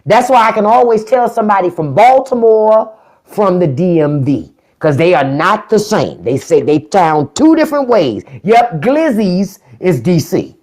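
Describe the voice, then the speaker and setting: A woman's voice: mid-range voice, sing-song, darkish tone. A middle-aged woman from the Washington DC area, chatting casually as a livestream host. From DMV area (Washington DC region). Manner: chatty, drawn-out word play, frequent laughs.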